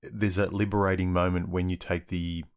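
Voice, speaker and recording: A man's voice: low-pitched, level tone, moderate pace, clean tone. A man hosting a livestream Q&A, reading viewer questions aloud and answering them in a rambling, casual way. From Australia. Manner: rambling, restarts often, reads chat questions aloud.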